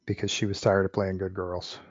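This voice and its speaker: Low-voiced man, opinionated. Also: flat delivery, fairly quick, no echo, muffled recording. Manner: opinionated, with frequent restarts. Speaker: podcast co-host. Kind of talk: casual film discussion.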